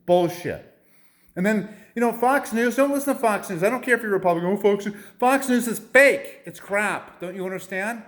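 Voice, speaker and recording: A man's voice: sits high, a little fast. A young man in a heated, profane political rant, repeating himself and firing off rhetorical questions. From United States.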